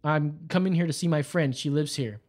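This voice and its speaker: Higher-voiced man hosting a podcast. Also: brisk, darkish tone. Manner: retells events by quoting others, chatty and blunt. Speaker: podcast host. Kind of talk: casual chat.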